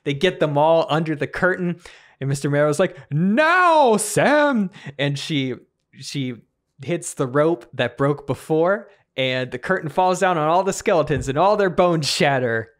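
Man improvising a comedic story. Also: moderate pace. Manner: acts out characters with sudden high-pitched voices. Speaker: podcast co-host.

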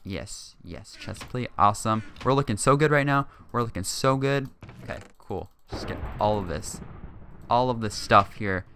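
A young man talking through his own game session in a chatty, hyper way, full of ums and quick laughs. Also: on the low side, pushed and bright, slight background noise. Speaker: gaming channel host. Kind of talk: gameplay commentary.

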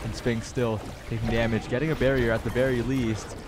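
A man casting a live esports tournament with energetic play-by-play that rises with the action. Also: mid-range voice, a little fast. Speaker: esports caster.

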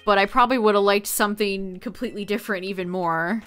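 A woman's voice: medium pitch, fast, a bit bright, clean tone, soft background music. A woman streaming a game and chatting casually with her viewers, laughing often. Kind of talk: casual live-stream chat.

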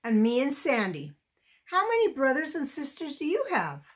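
A woman's voice: high voice, wildly swooping pitch, normal speed, pitched above the performer's own voice. A woman voicing a bold, friendly red-headed schoolgirl in a storybook reading, speaking in a bossy, outspoken way. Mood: chatty.

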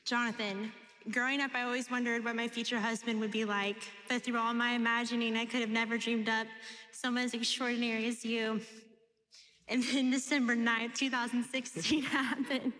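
A woman's voice: fairly high pitch, flat delivery, normal speed, sharp tone. A woman, the bride, reading her wedding vows in a tender, emotional voice. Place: wedding venue. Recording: echoey ceremony hall.

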